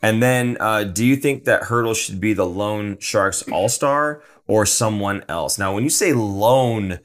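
Low-voiced chatty male podcast host. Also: measured pace. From San Jose area. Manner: chatty, rambling with fillers and asides. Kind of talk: live podcast chat.

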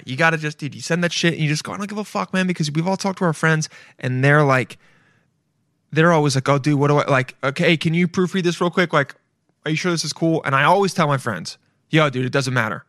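A man's voice: a little high, sharp tone, no echo, clean studio sound. A young man hosting his own podcast, rambling casually and swearing a lot, tossing in "okay?" and "dude" as he goes. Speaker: podcast host. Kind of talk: casual solo podcast rant.

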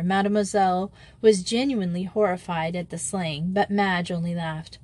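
A woman reading a children's novel aloud as narrator, in a steady storytelling voice. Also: on the low side, moderate pace, hardly any pauses. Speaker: audiobook narrator.

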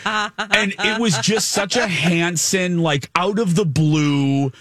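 A man co-hosting a morning radio show, telling a story in an animated way and laughing often. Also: high-pitched, takes it slowly, no echo, clean studio sound. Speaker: radio co-host. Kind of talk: casual morning radio chat.

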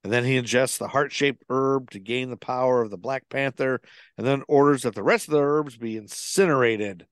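A man's voice: mid-range voice, moderate pace, clean tone, no room sound, studio quality. A man co-hosting a podcast, casually recapping a film plot with lots of fillers and restarts. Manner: rambling, with many fillers and restarts. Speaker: podcast co-host.

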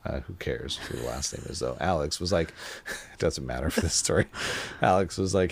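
A man's voice: rumbling low, moderate pace, creaky, a little mellow. A man hosting a podcast, telling a rambling story in casual chat and acting out the quotes as he goes. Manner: rambling storyteller, acts out quotes, laughs often. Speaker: podcast host.

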